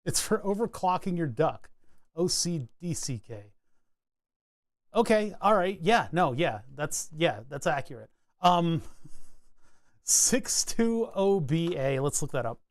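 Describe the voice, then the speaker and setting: Guy kinda high voiced rambling thru datasheets, jokey, dry close sound. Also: animated, measured pace, no room sound. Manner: chatty, rambling, jokey asides while reading datasheets. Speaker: PCB design streamer. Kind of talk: casual live-stream walkthrough.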